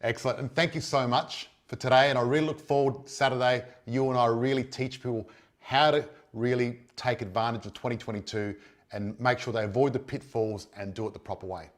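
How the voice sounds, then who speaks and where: A man's voice: mid-range voice, fairly even intonation, a little fast. Male host, eager and complimentary, mid-range voice. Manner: enthusiastic, full of praise. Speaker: interview host. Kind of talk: casual interview.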